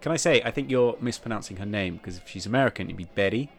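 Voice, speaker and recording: A man's voice: lowish voice, racing, vocal fry. A man co-hosting a casual podcast, teasing his partner and laughing easily. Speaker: podcast co-host.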